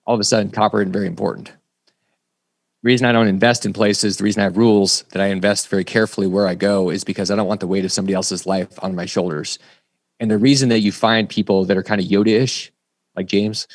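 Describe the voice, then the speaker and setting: A man's voice: fairly low pitch, dry recording. A middle-aged man giving a motivational business talk to a group, telling stories and acting out the dialogue in them. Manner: storytelling, acts out dialogue in quotes. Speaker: speaker presenting to a group.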